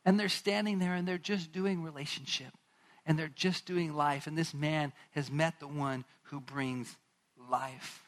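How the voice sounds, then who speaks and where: A man preaching a sermon, retelling a Bible story with animated asides and acted-out lines from its characters. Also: a little high, measured pace. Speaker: pastor.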